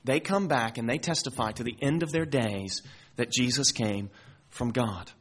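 A man's voice: medium pitch, normal speed, a bit bright. A man preaching a sermon as pastor, earnest and building to emphatic peaks as he reads and explains scripture.

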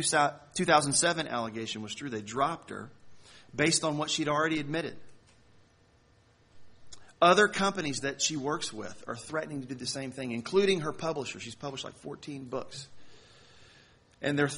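A man delivering a sermon to a congregation, telling a story in a conversational way with slow, emphatic phrasing. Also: fairly high pitch, sharp tone. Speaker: pastor.

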